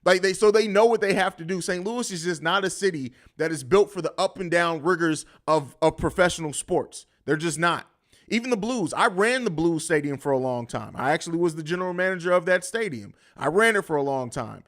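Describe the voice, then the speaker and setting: A man's voice: on the high side, expressive, fairly quick, a bit bright. A man hosting a live sports podcast, talking bluntly and riffing with plenty of profanity. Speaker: podcast host. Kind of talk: live-stream sports talk.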